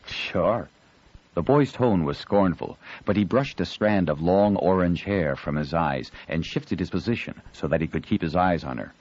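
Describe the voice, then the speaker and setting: A man reading an audiobook in an expressive storytelling manner, shifting his voice for the characters. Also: low-pitched, moderate pace, hardly any pauses, lo-fi sound. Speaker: audiobook narrator. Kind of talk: scripted audiobook narration.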